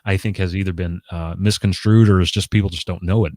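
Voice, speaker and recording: A man's voice: low-pitched, steady tone, fast, darkish tone, no echo, clean studio sound. A man in his forties hosting a casual conversation about comics, talking in a rambling way with many restarts and fillers. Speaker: host.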